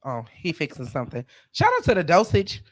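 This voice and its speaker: A woman guest on a podcast, loud and joking in casual chat. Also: on the low side, huge pitch swings, brisk.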